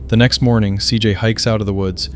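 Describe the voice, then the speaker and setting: A man giving scripted narration of camping encounters in an even, measured storytelling manner. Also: fairly low pitch, slight background noise.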